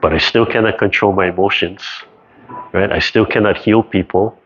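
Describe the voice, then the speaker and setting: A man with a low voice explains tai chi in a relaxed, conversational way, checking in with "right?" as he goes. The sound comes over a muffled video call. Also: moderate pace, a little hiss or hum. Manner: conversational, keeps asking "right?", acts out quoted voices. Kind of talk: casual teaching talk.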